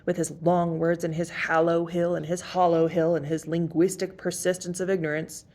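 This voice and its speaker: A woman's voice: fairly low pitch, level tone, moderate pace, a little mellow, close to an everyday voice. A woman reading aloud and voicing an eager, giggly little sister who speaks decidedly and heatedly.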